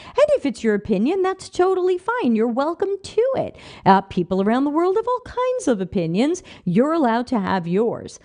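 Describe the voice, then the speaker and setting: A woman's voice: sits high, huge pitch swings, normal speed, hardly any pauses, a little mellow. A woman hosting a livestream, reading viewer comments aloud and answering them with emphatic rhetorical questions. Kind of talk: casual livestream talk.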